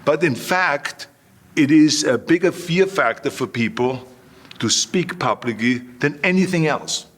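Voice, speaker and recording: A man's voice: fairly high pitch, lively intonation, unhurried, a bit bright, husky. A man in his sixties with an Austrian accent, a German native speaker, telling emphatic stories as an interview guest and acting out quotes. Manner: emphatic, repeats phrases, acts out quotes. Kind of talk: storytelling interview.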